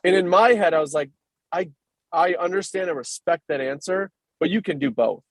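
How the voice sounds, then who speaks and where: Male podcast host, relaxed conversational delivery with a higher-pitched voice, recorded dry and close. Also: no echo. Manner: quick casual talker, fills with "like". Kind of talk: casual chat.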